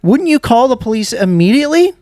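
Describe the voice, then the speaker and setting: A man's voice: very high voice, sing-song, fairly quick, a little mellow, no echo. A man co-hosting a podcast, reviewing a movie in casual, rambling chat and laughing often. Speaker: podcast co-host.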